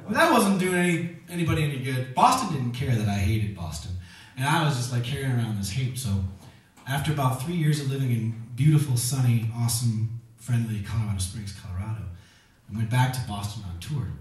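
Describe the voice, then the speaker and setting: Man, singer-songwriter, chatty anecdote between songs, lively pitch, echoey room, far mic. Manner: rambling, anecdotal, self-mocking. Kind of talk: storytelling between songs at a live show. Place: house concert room.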